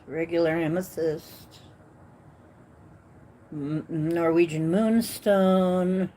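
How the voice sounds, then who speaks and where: A woman hosts a casual live stream at an unhurried, drawn-out pace. She rambles and giggles through plenty of fillers, her voice rising to loud bursts and then trailing away into soft murmurs. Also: lowish voice, fairly even intonation, slight background noise, poor audio. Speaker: host.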